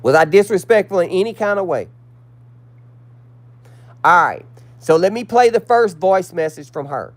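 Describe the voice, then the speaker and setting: High-voiced indignant man on a livestream. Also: animated, moderate pace, pauses often. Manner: indignant, reads messages aloud to viewers. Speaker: livestream host. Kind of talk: casual livestream commentary.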